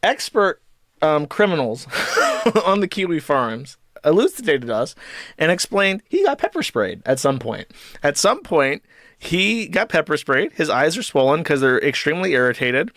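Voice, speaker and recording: A young adult man rambles through live stream commentary, swearing freely and firing off quick asides. His voice sits a little higher than most men's. The sound is dry and close, with no room echo. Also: big pitch swings, fairly bright tone. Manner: profane, rambling, fast asides.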